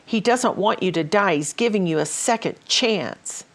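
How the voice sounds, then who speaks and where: A woman's voice: mid-range voice, expressive, normal speed. A woman hosting a ministry talk show, telling stories in a casual way with many fillers and restarts. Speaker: host.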